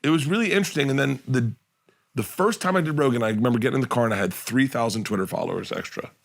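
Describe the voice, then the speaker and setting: A man's voice: medium pitch, very fast, creaky. A middle-aged man, a comedian guest, telling casual podcast stories and acting out the people in them. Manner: animated storyteller acting out quotes.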